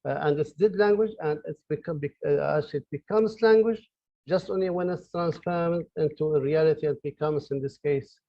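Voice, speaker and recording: A man with a fairly high voice gives an online lecture from his office at a normal speed, hesitating often with fillers and restarts. He is a professor from Libya whose first language is Arabic. The recording is dry and lo-fi, with no room sound.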